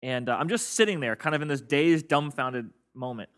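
A male pastor with a bright, slightly high voice preaches in a loose, conversational way, cracking jokes. He leads his congregation through call-and-response lines, and his delivery sounds relaxed and friendly. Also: brisk. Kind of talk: sermon. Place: church sanctuary with congregation.

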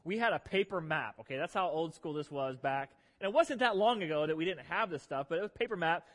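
High-voiced joking pastor in echoing hall. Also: male voice, brisk. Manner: animated, joking, self-deprecating. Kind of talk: humorous sermon storytelling. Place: church sanctuary. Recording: long reverb of a large hall.

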